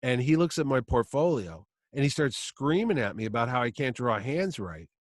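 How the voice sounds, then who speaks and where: Animated man telling stories. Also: mid-range voice, normal speed, no room sound, clean studio sound. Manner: animated storyteller, acts out quoted voices. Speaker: comic con host. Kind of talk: casual podcast chat.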